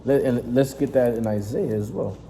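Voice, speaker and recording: A man preaching in a fiery, confrontational sermon, reading scripture aloud and breaking off into profane, emphatic asides with a steady "right?". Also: mid-range voice, moderate pace. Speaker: street preacher. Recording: reverberant space with faint noise.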